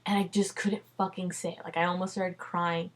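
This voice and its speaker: A woman's voice: lowish voice, flat delivery, fairly quick. A young adult woman telling a personal story in a casual vlog, chatty and loose, full of "like" and "dude", swearing freely. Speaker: vlogger.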